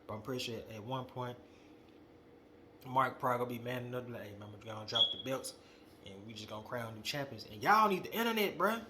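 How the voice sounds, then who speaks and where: A young man hosting a wrestling podcast, ranting in a casual, slangy, animated way and calling people out directly. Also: mid-range voice, quick pace, very noisy. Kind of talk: casual opinion monologue.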